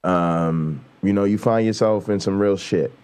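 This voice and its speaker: A man's voice: on the low side, level tone, fairly quick, dark tone, smooth. A man hosting a casual livestream, talking bluntly and profanely and building to heated, emphatic outbursts. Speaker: show host.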